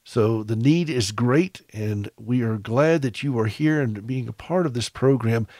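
A man's voice: medium pitch, measured pace, darkish tone, no room sound. An American man hosting a radio talk show, telling a personal story in a chatty, self-deprecating way with restarts and chuckles. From United States. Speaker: radio host. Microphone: studio broadcast microphone.

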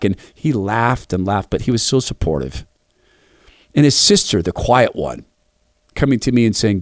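Animated storytelling middle-aged preacher. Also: male voice, fairly low pitch, normal speed, no room sound, studio quality. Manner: animated, acts out voices in anecdotes. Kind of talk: devotional storytelling talk.

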